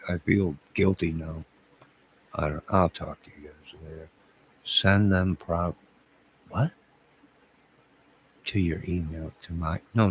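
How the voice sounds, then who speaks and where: A man's voice: sits low, gravelly, slightly rough, heavily acted. A man playing a bumbling, lonely single man who rambles and stammers, bragging one moment and apologizing the next in a comedic monologue to camera.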